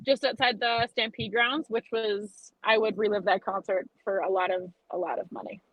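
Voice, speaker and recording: A young woman from Alberta telling profane, animated party stories as a podcast guest in casual chat. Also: mid-range voice, moderate pace, no room sound, highs cut off. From Alberta, Canada. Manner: chatty, profane, animated storyteller. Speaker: podcast guest, western photographer.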